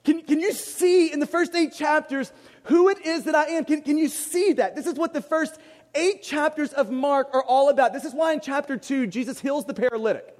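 A man preaching a sermon with a strikingly high voice, pressing his points with emphatic repetition. Long reverb trails his words, as in a big sanctuary. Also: moderate pace, darkish tone. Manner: emphatic, repeats key questions. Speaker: pastor.

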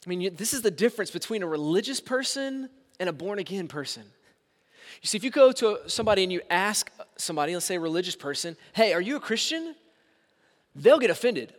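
A man's voice: high voice, animated, fast talker, fairly bright tone. A man preaching a sermon as pastor in a church sanctuary, with emphatic swings in volume. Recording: reverberant hall sound.

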